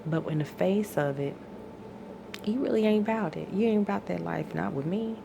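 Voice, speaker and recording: A woman's voice: lowish voice, normal speed, vocal fry, noisy background. A woman in an exasperated, profane personal rant, tired and venting, her voice climbing into outbursts. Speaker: vlogger venting.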